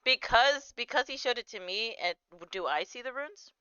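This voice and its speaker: A woman playing in a tabletop game, excitable and laughing, swearing casually. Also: fairly high pitch, moderate pace, clean tone, dry recording, lo-fi sound. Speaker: player.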